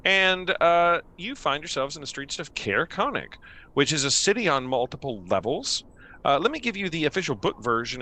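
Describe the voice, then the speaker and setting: A man's voice: mid-range voice, pushed and bright. A man narrating a tabletop game as game master, meandering with many fillers.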